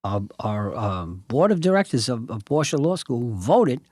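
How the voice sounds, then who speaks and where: A man's voice: medium pitch, big pitch swings, a little slow, a little mellow, no echo, clean studio sound. An older man, telling a long personal story in a rambling way, restarting and acting out the dialogue. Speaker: host telling his life story. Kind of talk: casual storytelling.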